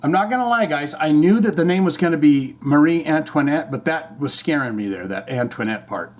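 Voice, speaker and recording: A man's voice: fairly high pitch, animated, a little fast. A man hosting a podcast, giving rambling, irreverent, profanity-laced commentary on the news. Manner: rambling, irreverent, swears freely. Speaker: podcast host.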